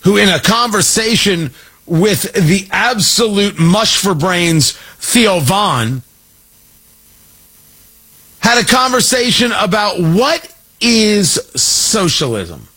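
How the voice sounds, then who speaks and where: A man hosting a talk radio show, giving an emphatic, mocking political commentary monologue with drawn-out stresses. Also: high-pitched, sing-song, sharp tone, breathy edge.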